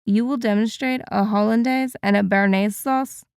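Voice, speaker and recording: A woman voicing a stern male French sous chef with a deep, formal, pointed manner in an audiobook. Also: fairly even intonation, moderate pace, gravelly, clean tone, no room sound, studio quality, close to an everyday voice. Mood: stern, challenging. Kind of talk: audiobook character voice.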